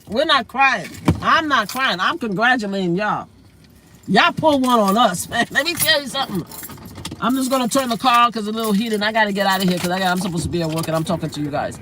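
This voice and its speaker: A woman's voice: on the high side, sharp tone, a little hiss or hum. A woman live-streaming from inside her car, delivering a heated rant in a blunt, emphatic way and hammering her points with repetition.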